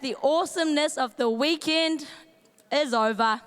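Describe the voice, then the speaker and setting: Woman youth leader, New Zealand accent, strained voice, high and unhurried, big-hall reverb. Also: fairly bright tone, slight background noise. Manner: playful, chatty, greets in Māori. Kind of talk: youth camp talk. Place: large events centre stage.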